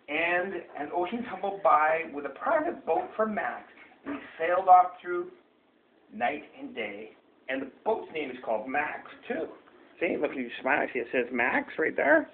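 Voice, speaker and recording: A man's voice: fairly high pitch, unhurried, a little hiss or hum. A man reading a picture book aloud to his young son at home, playful and coaxing, breaking off to point at pages and roar. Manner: animated, coaxing, playful roaring. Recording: tinny phone-like home video sound.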